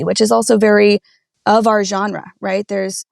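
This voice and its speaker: A woman's voice: mid-range voice, steady tone, a little fast, vocal fry, a little mellow, no room sound, studio quality. A woman narrator co-hosting a podcast, thinking aloud in a thoughtful, reflective way.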